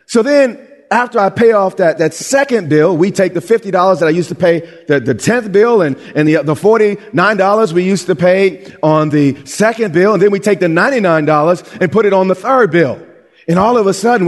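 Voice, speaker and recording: Animated preaching man in a big hall. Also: high-pitched, a little fast. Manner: animated, conversational preaching with many restarts. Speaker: pastor. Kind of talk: sermon.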